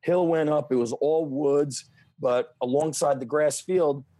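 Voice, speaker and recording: A middle-aged man in casual chat, telling lively childhood stories with swearing and laughter. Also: on the high side, measured pace, dry recording.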